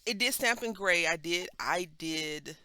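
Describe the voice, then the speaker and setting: A woman's voice: lowish voice, unhurried, smooth, no room sound. A woman with a Texan accent chatting casually and rambling through a craft video, sometimes dropping into a whisper. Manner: chatty, rambling, animated asides. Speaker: craft vlogger. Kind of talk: casual chat while stamping.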